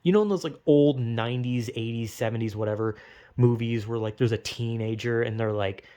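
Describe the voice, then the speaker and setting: A man's voice: mid-range voice, fairly quick, warm tone, smooth. A young man talking casually, rambling and swearing, acting out quotes in goofy voices. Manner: rambling, profane, acts out quotes in silly voices. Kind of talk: casual monologue.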